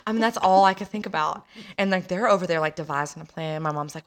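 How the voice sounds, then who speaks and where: A woman's voice: low voice, quick pace, a bit bright. Chatty woman telling a story. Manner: chatty, laughing, acts out voices. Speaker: podcast host telling a story. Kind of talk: casual storytelling.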